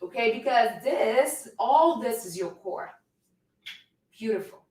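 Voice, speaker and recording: This woman's voice is on the high side and animated, a little mellow, and she takes her time. Leading a live workout, the coach demonstrates a plank while energetically coaxing viewers, trembling from the hold. The recording has heavy room echo, with her voice far from the microphone.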